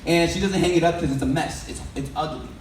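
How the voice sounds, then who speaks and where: A man whose voice is on the high side talks fast while giving an audience a sermon-like storytelling talk. He stays casual and conversational and often questions the crowd. The recording has an echoey hall sound, a far-off mic, and faint background noise.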